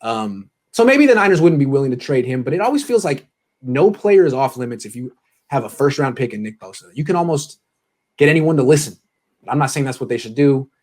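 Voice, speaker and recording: A man's voice: mid-range voice, big pitch swings, brisk, a little mellow. A man hosting a casual sports podcast, rambling and restarting his thoughts. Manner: loose, rambling, restarts a lot. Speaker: host.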